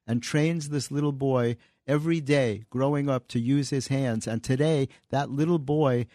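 Interviewed in a radio studio, this guest, a comedy writer and author, recounts stories with sincerity. He speaks at normal speed in a dark, medium-pitched voice, captured on a studio microphone with no room sound.

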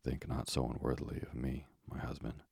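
A man voicing a firm, devoted young wife, speaking calmly in a hushed, whispery voice. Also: very deep voice, brisk, vocal fry, slightly rough, no room sound, studio quality, exaggerated voice.

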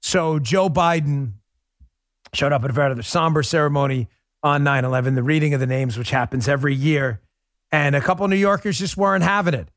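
A man from Queens hosting a political commentary podcast, animated and quick to laugh. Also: on the high side, dry recording, clean studio sound. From Queens, New York. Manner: animated, laughs often, breaks into impressions. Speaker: podcast host.

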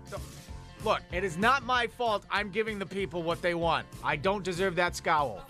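A man's voice: sits high, normal speed, bright, forceful tone, soft background music. A man co-hosting a morning radio show, teasing his co-host and taking listener requests in playful banter. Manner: teasing, playful, breaks into singing bits.

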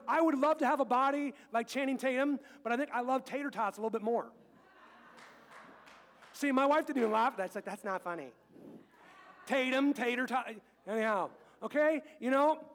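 Chatty joking pastor man, high voice. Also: in a large hall. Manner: chatty and joking, quotes scripture, acts out little scenes. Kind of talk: casual humorous sermon. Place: church sanctuary.

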